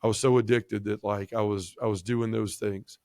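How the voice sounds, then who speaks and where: Male guest, low voice, dry close sound, earnest halting testimony. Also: flat delivery, darkish tone, no room sound. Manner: earnest, halting, with many restarts. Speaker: guest sharing his testimony. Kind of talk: personal faith testimony.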